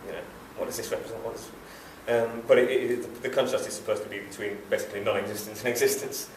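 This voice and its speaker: A man with a Yorkshire accent, an author talking and reading at a book launch in a thoughtful, halting way with many ums. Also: on the low side, little pitch movement, recorded from a distance, slight background noise. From Wakefield, England. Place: festival event room. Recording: echoey room picked up from afar.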